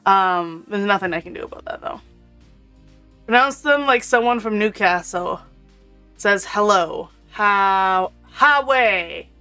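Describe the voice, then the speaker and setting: A woman's voice: mid-range voice, lively intonation, a little slow, long pauses, bright, forceful tone, smooth. A woman streaming a video game, chatting casually with her viewers and her pet, laughing often. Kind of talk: casual chat while gaming. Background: faint intro music.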